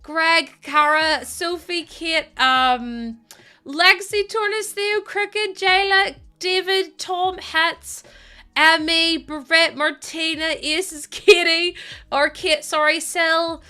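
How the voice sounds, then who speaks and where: A woman's voice: very high-pitched, takes it slowly, sharp tone. A young woman streaming live, chatting casually and giggling as she thanks viewers by name. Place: home, indoors.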